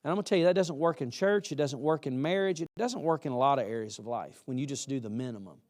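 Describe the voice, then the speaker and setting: A man's voice: mid-range voice, fast talker, a little mellow. A man preaching a chapel sermon to college students in a folksy, emphatic way, acting out what students say.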